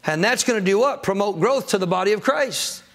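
A man's voice: sits high, expressive, brisk, gravelly, a bit bright. A man preaching a sermon as pastor of a church, calling out to the congregation for answers and acting out people's excuses. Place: church sanctuary.

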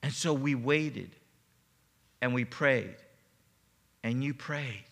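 A man preaches to his congregation, sharing a heartfelt personal story. His voice is bright and forceful, and he repeats words when moved. A long reverb from the church hall trails behind each phrase. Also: mid-range voice, slow, gravelly. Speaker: pastor. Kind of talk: sermon. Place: church sanctuary.

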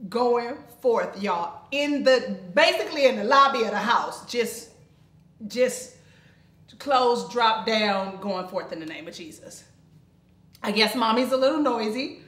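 A woman, co-hosting a faith and family talk show and telling a story with animated, dramatic flair. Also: on the high side, unhurried. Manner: animated, dramatic retelling with loud shrieks. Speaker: podcast co-host. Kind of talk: casual storytelling. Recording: echoey room.

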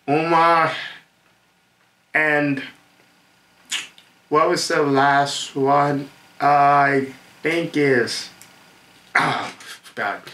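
Bright, excitable man ranting to camera. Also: a little high. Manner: excited, repetitive, laughs often, stumbles over names. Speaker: host. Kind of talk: rambling commentary to camera. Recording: echoey room.

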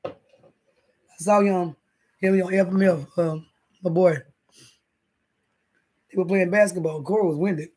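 A man's voice: high voice, fairly even intonation, a little slow, long pauses, darkish tone, breathy edge. A man hosting a casual livestream from his bed, rambling and swearing as he talks to viewers in the chat. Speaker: livestream host. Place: indoors, in bed.

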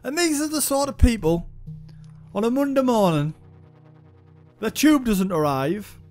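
A man's voice: extremely high pitch, expressive, unhurried, a little mellow, faint music behind. A young man giving casual, sweary gameplay commentary, thinking aloud as he plays. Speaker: game reviewer.

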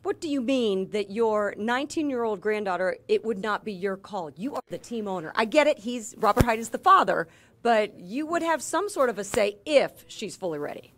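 A woman co-hosting an interview, bantering in a brisk, teasing, emphatic way. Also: medium pitch, animated, a bit bright. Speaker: co-host.

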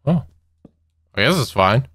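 A man's voice: medium pitch, very animated, measured pace, a bit bright, slightly rough, no room sound. A young man giving casual let's-play commentary, nervous and giggly, talking to the monsters he meets. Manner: nervous, giggly, talks to mobs. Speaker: gaming youtuber.

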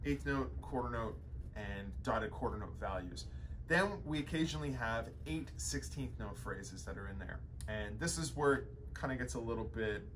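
A man's voice: fairly low pitch, slight background noise. Casual man explaining drum patterns. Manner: loose, thinking aloud with fillers and restarts. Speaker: drum teacher.

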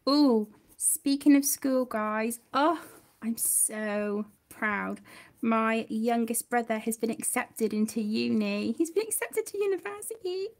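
Young woman, livestream host, slightly high, a bit of fry in the voice. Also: slow. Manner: chatty, warm to viewers, reads out comments. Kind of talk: casual livestream chat. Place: home.

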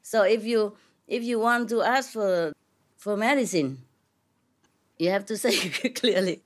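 A woman talks very slowly to an audience, laughing often as she goes. Her English is broken, with French words slipped in, and a cough keeps catching her. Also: mid-range voice. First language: not English. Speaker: spiritual teacher addressing an audience. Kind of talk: casual talk to an audience, joking.

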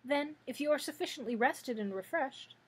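A woman's voice: high voice, animated, normal speed, pitched above the performer's own voice. A woman voicing a pompous, learned giant male insect with a wordy, formal manner in a storybook reading. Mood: polite.

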